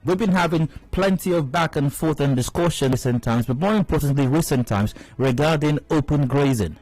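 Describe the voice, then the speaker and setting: A man's voice: a little high, a little fast, a little mellow, dry recording, poor audio. Nigerian male radio host, emphatic and outraged, dry booth, light music bed. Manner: indignant, emphatic, repeats phrases for stress. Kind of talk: opinionated radio commentary. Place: radio studio. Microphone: studio mic.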